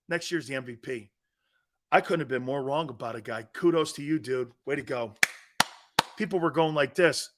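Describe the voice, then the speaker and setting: Male sports-talk host, brash and rambling, slightly high pitch, bright punchy tone. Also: very animated, normal speed. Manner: brash, rambling, jumps into loud outbursts; laughs at his own jokes. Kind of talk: sports talk rant with storytelling.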